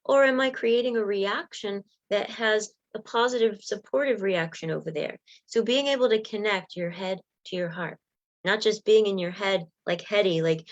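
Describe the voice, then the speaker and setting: Woman life coach talking on a facebook live, animated, does little voices for examples, kinda dull lo-fi sound. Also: medium pitch. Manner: animated, acts out example dialogue in quick voices.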